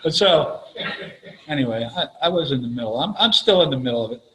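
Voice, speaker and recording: A man's voice: medium pitch, expressive, brisk, pushed and bright, slight background noise, rough recording. An older man from Florida sharing his recovery story, profane and blunt, laughing at himself as he tells it. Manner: profane, blunt, self-mocking, laughs while telling stories. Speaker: recovery meeting speaker.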